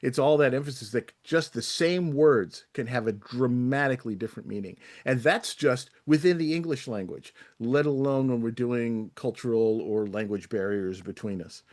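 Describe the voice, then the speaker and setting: A man's voice: medium pitch, moderate pace, few pauses, darkish tone. A man on an online group discussion, making thoughtful points and using playful examples to illustrate them. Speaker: panel participant.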